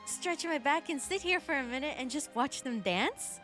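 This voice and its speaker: A woman's voice: high voice, expressive, normal speed, a bit bright, faint music behind. A woman streaming a video game as a VTuber, chatting casually with her viewers in a gushing, giggly way. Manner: gushing and giggly, talks to chat. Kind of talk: casual gaming stream chat.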